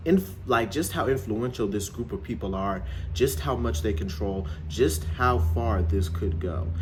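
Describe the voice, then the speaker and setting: A man's voice: on the low side, a little hiss or hum. A man casually reviewing and recapping a film, loose and slangy, leaning on filler phrases as he retells the plot. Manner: animated storytelling recap.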